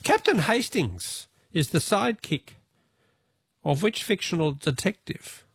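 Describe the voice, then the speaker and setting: A man hosting a radio quiz, brisk and chatty, reading out listener messages. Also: high voice, very animated, slightly rough, no room sound.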